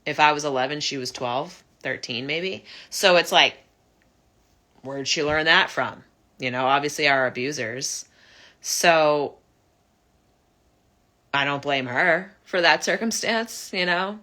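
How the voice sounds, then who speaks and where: A young woman telling her own recovery story in an earnest, heartfelt monologue, often halting and restarting. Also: low-pitched, bright, forceful tone. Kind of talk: personal reflective monologue.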